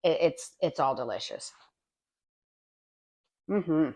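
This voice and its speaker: A woman's voice: low voice, takes it slowly, darkish tone. A woman vlogger chatting casually in her home kitchen as she bakes and tastes, talking with her mouth full now and then. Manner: chatty and homey, talks while tasting. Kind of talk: casual cooking demonstration.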